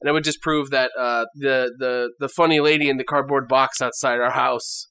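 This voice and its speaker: A man's voice: medium pitch, fairly even intonation, normal speed, bright, forceful tone, clean tone. A man co-hosting a podcast in casual, profane, jokey chat. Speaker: podcast co-host.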